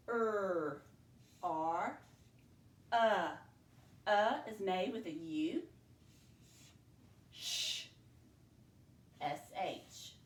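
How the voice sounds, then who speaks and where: Slow, patient woman teacher spelling aloud. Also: medium pitch, far from the mic, slight background noise. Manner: slow, patient, sounds out letters one by one. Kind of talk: spelling dictation lesson. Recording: echoey room, voice from the mic.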